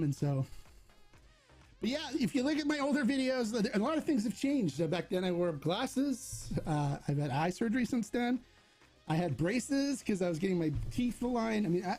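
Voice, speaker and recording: A man's voice: high voice, a little mellow. A middle-aged man hosting a casual livestream Q&A, talking in a chatty, rambling way with many restarts. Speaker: host of a tequila channel.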